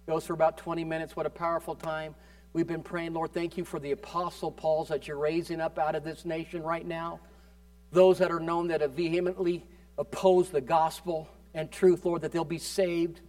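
A man preaching with fervor, his voice sitting high for a man. He swings from ringing declarations down to quiet, intimate asides as he exhorts the congregation. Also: little pitch movement, normal speed. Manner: fervent preaching, swings between loud declarations and hushed asides. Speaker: pastor. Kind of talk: sermon.

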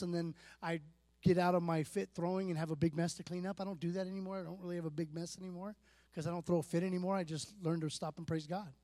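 A man, likely in his thirties, sharing a personal church testimony in a relaxed, self-deprecating way, with lots of fillers and restarts. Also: high-pitched, dry recording.

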